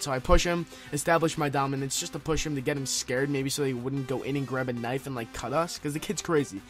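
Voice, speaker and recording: A man's voice: a little high, quick pace, hardly any pauses, a bit bright, faint music behind. A young man commentating over gameplay, telling a rambling, profane story in a casual way.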